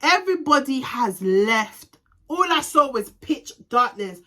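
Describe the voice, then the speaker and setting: Bright-voiced woman ranting through a storytime. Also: high-pitched, measured pace. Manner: animated, ranting, heavy swearing; slips in Jamaican patois slang. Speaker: vlogger. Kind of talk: storytime vlog.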